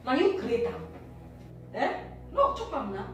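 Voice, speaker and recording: An actress playing a cheeky, sharp-tongued young village woman who teases loudly and speaks with a Nigerian Pidgin accent. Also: sits high, big pitch swings, unhurried. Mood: scolding. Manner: mocking, loud, laughs through lines. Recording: echoey room, mic far off, soft music.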